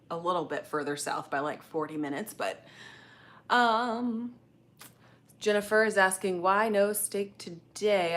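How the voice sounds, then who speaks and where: A woman's voice: lowish voice, fairly bright tone. Chatty woman host reading live chat. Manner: chatty, rambling, with frequent fillers and self-corrections. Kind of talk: casual livestream chat.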